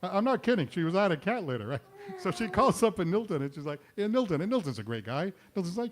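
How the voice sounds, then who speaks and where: A man hosting a live comedy show in a restaurant, telling pun jokes with quick self-mocking asides. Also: high-pitched, big pitch swings. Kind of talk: stand-up jokes and banter.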